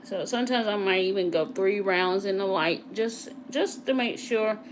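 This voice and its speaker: A woman's voice: medium pitch, normal speed, a little hiss or hum. Woman chatting through a nail tutorial. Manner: chatty, talks to live viewers while working. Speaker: nail technician. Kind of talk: casual live tutorial chat.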